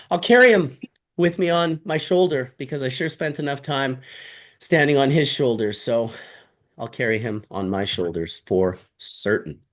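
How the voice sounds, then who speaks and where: A man hosting a casual show, joking and swearing freely as he chats with guests. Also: mid-range voice. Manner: animated, joking, swears a lot. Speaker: host. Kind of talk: casual chat.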